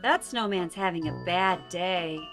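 A woman hosting a toddler show, gentle and sing-song with exaggerated wonder, talking to a cartoon snowman. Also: fairly low pitch, unhurried. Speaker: children's show host. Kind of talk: children's show presenting. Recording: music under voice.

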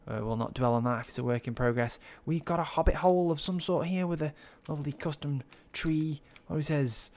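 A man's voice: fairly high pitch, fairly quick, few pauses, a little mellow. A man giving casual, admiring commentary while touring builds in a video game, with plenty of ums and uhs. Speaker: Minecraft server tour host.

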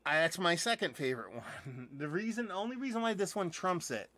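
A man talking in a bright, forward voice, rambling through a casual live unboxing chat. He is enthusiastic and curses freely, and he fills his talk with ums and restarts. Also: high-pitched, lively intonation, fairly quick, dry recording. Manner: rambling and chatty, with many fillers and restarts. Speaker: beer reviewer and channel host.

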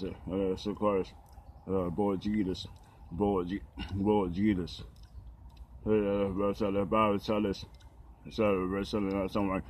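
A man talking haltingly about the Bible, with many pauses, fillers and restarts. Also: low voice, slight background noise.

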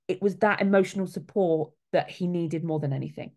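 A woman's voice: lowish voice, fairly even intonation, fast, dark tone. A middle-aged woman, a soul midwife, talking casually and earnestly, with quoted voices acted out along the way. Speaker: soul midwife, guest speaker.

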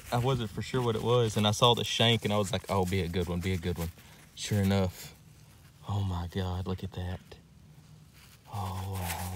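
A man's voice: sits low, a little hiss or hum. A man narrating a metal detecting vlog outdoors into a handheld camera, breathless and exclaiming over his finds. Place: outdoors at a dig site.

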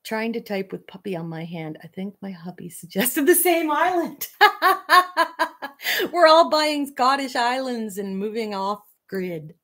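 A woman's voice: a little high, slow, sharp tone. A Canadian woman hosting a fiber arts livestream, chatting casually with viewers in a rambling way and laughing often. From Manitoba, Canada.

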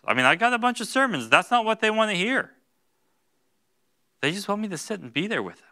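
Guy pastor preaching in church, bright crisp voice, goes quiet then loud. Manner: swings between hushed, slow words and loud, high bursts. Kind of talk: sermon. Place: church sanctuary.

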